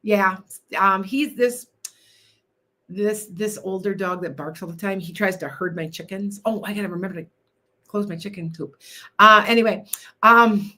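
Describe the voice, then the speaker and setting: An older woman hosts a casual live stream, chatting in a rambling way and interrupting herself. Her mid-range voice is bright and forceful, at a moderate pace.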